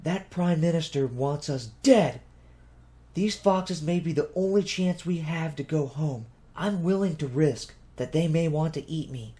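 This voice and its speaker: A man's voice: fairly high pitch, measured pace, mellow, voice pushed up, natural voice. A man voicing a determined, blunt young woman who speaks firmly and decisively. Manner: firm and decisive.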